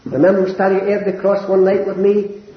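An older man preaching a sermon, earnest and climbing to high, impassioned emphasis. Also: little pitch movement, fast. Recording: roomy, dull lo-fi sermon recording.

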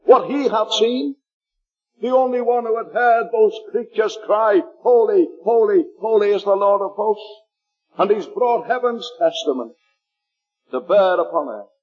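Man with a Liverpool accent, preacher, fervent sermon, high husky voice, dull lo-fi recording. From Liverpool, England. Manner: slows to read scripture aloud, fervent.

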